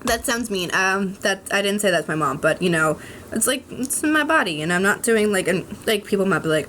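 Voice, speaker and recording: Talking casually to her camera at home, this young adult woman rambles, restarts, says um a lot and swears openly. She's medium-pitched and animated, a bit bright, and talks slightly fast over light background noise.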